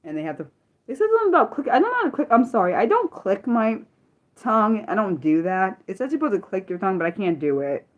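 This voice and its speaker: A woman's voice: medium pitch, sing-song, fast, highs cut off. A young woman hosting a casual livestream, chatting with her viewers, often laughing and apologizing. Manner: talks straight to chat viewers by name. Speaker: livestream host.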